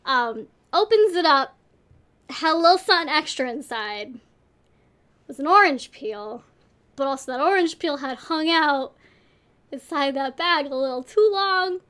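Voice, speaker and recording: A woman's voice: high-pitched, expressive, unhurried, a bit bright. A woman co-hosting a casual storytelling panel, rambling and self-deprecating as she tells stories. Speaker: panel co-host.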